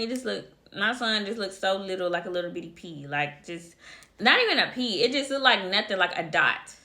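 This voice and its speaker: A woman's voice: mid-range voice, bright, forceful tone. A woman casually telling a personal story to her viewers, chatty and talking to them directly as y'all. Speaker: vlogger.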